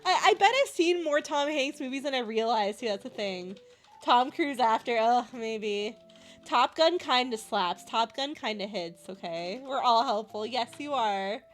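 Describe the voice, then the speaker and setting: High voiced girl streamer just yapping with chat, super giggly and goofy, bit of quiet music behind. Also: expressive, slow pace. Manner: giggly, laughs constantly; playful and loopy. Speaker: live streamer. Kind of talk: casual chat with stream viewers.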